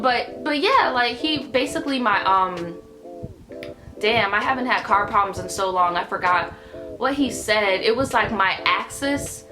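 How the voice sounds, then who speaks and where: A young woman in her twenties telling a story in her vlog, brash, profane and animated. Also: fairly high pitch. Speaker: YouTuber.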